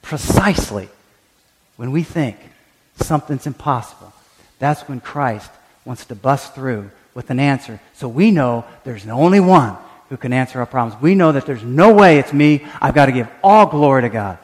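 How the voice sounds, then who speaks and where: A man's voice: medium pitch, moderate pace, long reverb tail. A man preaching a sermon as pastor, acting out quoted prayers and often restarting his words. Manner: animated, acts out quoted prayers and voices; frequent stammered restarts.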